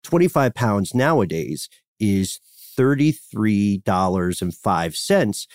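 A man's voice: fairly low pitch, very animated, takes it slowly, a little mellow, no echo, studio quality. A man co-hosting a history podcast, telling the story in a playful, joking way. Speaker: podcast co-host. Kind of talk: casual history podcast chat.

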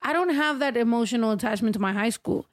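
A woman's voice: a little high, fast. A young woman co-hosting a casual chat, rambling and swearing loosely, laughing often. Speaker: podcast co-host.

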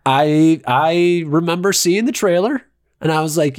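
A man's voice: on the high side, measured pace. A man ranting sarcastically and swearing freely in a casual movie review chat.

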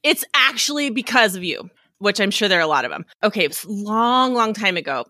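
A woman's voice: medium pitch, big pitch swings, brisk, no room sound, studio quality. A woman in her forties who hosts a podcast, laughing often and telling a story in casual chat. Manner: laughs often, tells stories in a warm chatty way. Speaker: podcast host.

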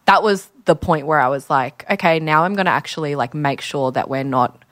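A young Australian woman in her twenties, a musician being interviewed, telling stories in a chatty, lively way full of acted-out quotes. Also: sits low, a little fast, no room sound. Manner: chatty, animated storytelling with lots of "like" and acted-out quotes. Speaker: musician guest. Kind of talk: candid casual interview.

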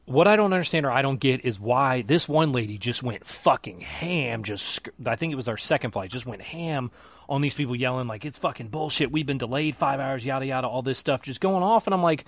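A man's voice: mid-range voice, lively intonation, fairly quick, no room sound. A young man in casual podcast chat, rambling through a story and swearing freely. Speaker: podcast co-host.

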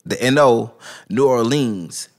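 A man's voice: medium pitch, takes it slowly. A man co-hosting a podcast, talking in casual, slangy banter and laughing often. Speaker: podcast co-host.

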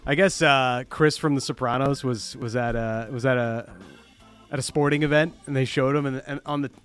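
A man's voice: mid-range voice, fairly even intonation, moderate pace, fairly bright tone, faint music behind. A man co-hosting a podcast in casual chat, laid-back and rambling with lots of fillers. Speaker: podcast co-host.

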